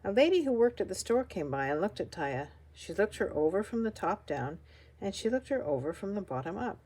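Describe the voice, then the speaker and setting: An older woman reading a children's picture book aloud with expressive, animated storytelling. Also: mid-range voice, a little fast, husky. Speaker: storybook reader.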